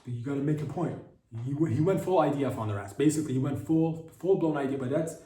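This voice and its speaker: A man's voice: fairly high pitch, quick pace, dark tone, distant mic. Rambling, profane man, echoey and off-mic. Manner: rambling, profane, riffing with mock indignation. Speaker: podcast host. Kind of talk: comedic monologue.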